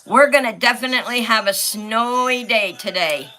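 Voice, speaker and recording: A middle-aged livestream host reads viewer comments aloud while coloring and chatting casually. Her slightly high voice comes at a moderate pace, bright and forceful, with faint music behind it.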